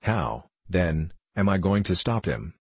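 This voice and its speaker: Storybook voice of an impatient, clever boy, read by a man, deep, husky and dry. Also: big pitch swings, no echo, exaggerated voice. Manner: brisk and impatient. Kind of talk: storybook reading.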